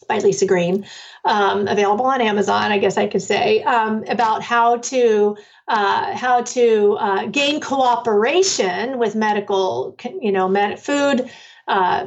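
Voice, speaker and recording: A middle-aged woman who is an author and runs parenting workshops tells her story in a conversational interview, rambling loosely with lots of fillers and restarts. Her voice is a little high, and the muffled recording comes from a distant mic.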